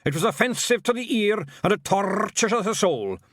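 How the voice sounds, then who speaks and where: A man's voice: high voice, animated, normal speed, a bit bright, no room sound, studio quality, pitched above the performer's own voice. A man doing a proud pixie bard. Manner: proud, emphatic. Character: elderly male pixie bard, proud critic.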